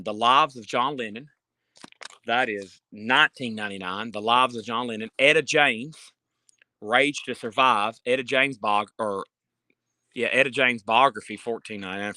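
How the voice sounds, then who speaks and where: A man livestreams from an indoor store, filming on a handheld phone as he sells books, breathless while reading titles and prices with chatty asides. His voice is medium-pitched and sharp, delivered at a moderate pace with no echo in this casual sales patter.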